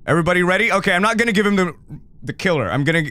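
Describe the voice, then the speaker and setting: A man streaming a party game with viewers, loud and laughing, swearing freely and swinging between shouts and mutters. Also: high voice, lively intonation, rapid-fire, no echo. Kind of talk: casual gaming stream chat.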